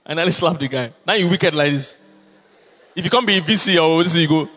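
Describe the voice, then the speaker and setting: A man with a Nigerian accent, a pastor telling a story in a sermon, swinging between low asides and loud exclamations. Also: moderate pace. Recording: long hall reverb.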